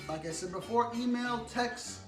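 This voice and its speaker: A man's voice: very high voice, normal speed, fairly bright tone. A man cooking and demonstrating a recipe as a chef, chatting upbeat and straight to his viewers. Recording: echoey room with music behind.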